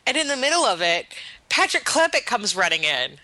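Super bright excitable woman on a podcast, dry close sound, gushing. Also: fairly high pitch, a little fast, no echo, low-quality recording. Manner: bubbly, excitable storyteller. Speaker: game developer guest. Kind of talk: casual podcast chat.

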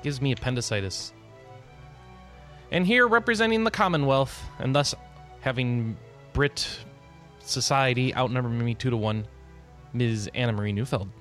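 A man's voice: medium pitch, expressive, a bit bright, faint music behind. A man hosting a gaming podcast in a casual, upbeat, joking way. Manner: upbeat, enthusiastic, quick to joke. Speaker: podcast host. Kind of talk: casual chat.

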